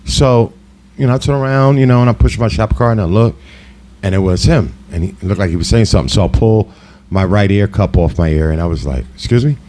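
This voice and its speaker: Man, middle-aged, low voice, dark warm tone, casual storytelling, heated, conversational asides. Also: a little fast. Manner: heated, conversational, full of "you know" asides. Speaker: host.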